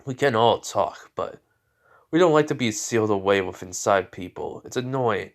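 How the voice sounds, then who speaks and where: A man voicing a grumpy giant male nine-tailed fox spirit in a spoken fan story, gruff and grumbling, a bit lower than his own voice. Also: animated, moderate pace.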